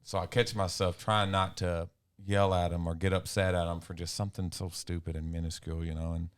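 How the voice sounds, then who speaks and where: Man, low voice, casual podcast talk, easygoing, lots of fillers. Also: level tone, brisk, smooth. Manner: easygoing, filler-heavy, acts out quoted talk. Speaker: podcast co-host, youth leader. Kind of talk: casual chat.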